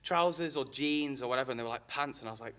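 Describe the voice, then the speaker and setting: A man from Northeast England with a Northeast English accent, a band member telling stories and acting out quotes in a relaxed interview. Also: medium pitch, very fast. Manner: storytelling, acts out quotes. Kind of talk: casual chat.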